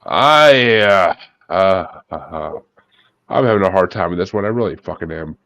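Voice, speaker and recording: A man's voice: low voice, lively intonation, measured pace, fairly bright tone, no echo. A man hosting a casual music podcast, swearing freely as he calls on each guest by name over an online call. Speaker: podcast host. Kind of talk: casual bracket chat with guests.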